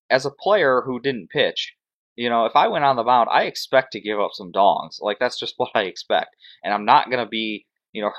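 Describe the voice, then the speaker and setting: A man's voice: mid-range voice, highs cut off. A man hosting a fantasy sports show, ranting sarcastically in casual sports commentary.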